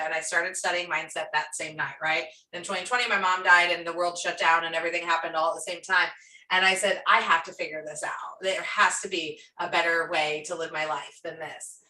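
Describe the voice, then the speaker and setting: A woman business coach teaching in a casual workshop, an animated storyteller who acts out the voices in her stories. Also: on the low side, normal speed. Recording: roomy sound from a distant mic.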